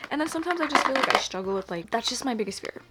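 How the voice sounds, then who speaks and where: A woman's voice: sits high, racing, very noisy. A young woman, chatting casually to camera while doing her makeup, rambling and nervous. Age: 20s. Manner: rambling, filler-heavy, animated and anxious. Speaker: vlogger.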